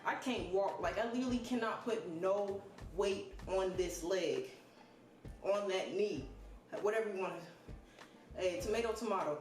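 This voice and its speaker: A man's voice: high-pitched, moderate pace. A man telling a casual storytime to camera, loose, profane and joking as he goes. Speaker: vlogger. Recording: roomy echo with faint music.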